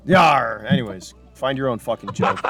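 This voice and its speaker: A man's voice: mid-range voice, lively intonation, a little slow. Chill guy game master, cusses a lot, laughs, faint music in the back. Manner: casual, swears a lot, laughs often. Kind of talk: narrating a tabletop game.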